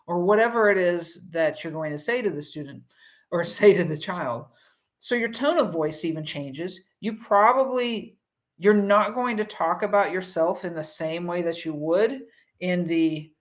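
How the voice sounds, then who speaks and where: A woman with a lowish voice delivers a recorded college English lecture. She keeps it conversational, working through everyday examples with casual asides. The sound is slightly dull and lo-fi. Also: moderate pace.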